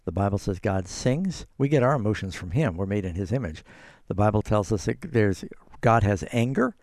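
A man with a low, gravelly voice hosts a call-in radio Bible show, answering listeners' questions earnestly and at length. His studio microphone sounds dry and close, with no room around it. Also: animated, moderate pace, a little mellow, no room sound. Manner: earnest, explains scripture at length. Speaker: radio pastor and host.

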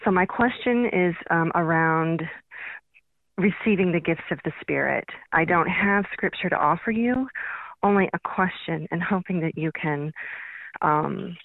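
A woman's voice: on the low side, lively intonation, unhurried, no echo. Hesitant woman caller on a phone line. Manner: thoughtful, hesitant, searching for words. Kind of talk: phone-in question. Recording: telephone line.

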